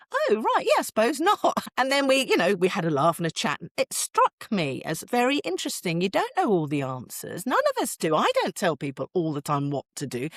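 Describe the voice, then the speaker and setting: This is a British woman in middle age, speaking as a guest parenting expert. Her voice sits on the low side but moves up and down a great deal as she tells stories, and she laughs easily. The sound is dry and close. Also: no room sound. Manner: animated, expressive storyteller who laughs often. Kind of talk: podcast interview.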